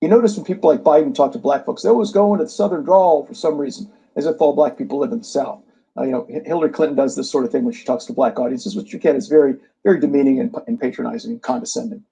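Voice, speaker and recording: A man speaking as a guest on a political radio show, making fast and critical points. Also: medium pitch, vocal fry, dark tone, breathy edge, rough recording.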